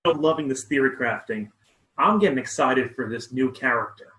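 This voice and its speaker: A man's voice: mid-range voice, moderate pace, sharp tone. Upbeat man in an echoey room. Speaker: co-host. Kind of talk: casual gaming chat.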